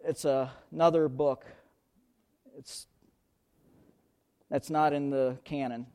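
A man's voice: fairly high pitch, steady tone, slow pace, darkish tone, smooth. A man preaching a sermon, who leans hard on key words, repeats them, and thinks aloud while hunting for verses.

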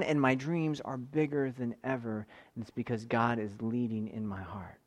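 Earnest male pastor in his thirties, testimony-style sermon, swells and hushes. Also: medium pitch, moderate pace, hardly any pauses. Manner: earnest, swells louder on emphasis and drops to a hush.

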